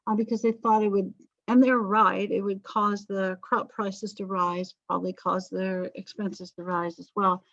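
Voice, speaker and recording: A woman's voice: mid-range voice, little pitch movement, unhurried, fairly bright tone, no room sound. Chatty woman history teacher, dull dry recording. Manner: chatty, rambling, self-deprecating asides. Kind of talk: recorded class lecture.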